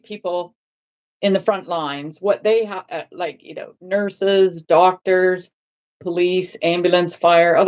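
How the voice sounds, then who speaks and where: A woman with a lowish voice chats loosely on a live stream. She rambles, restarts her sentences and keeps checking in with "right?". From England. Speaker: guest. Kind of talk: casual live-stream chat.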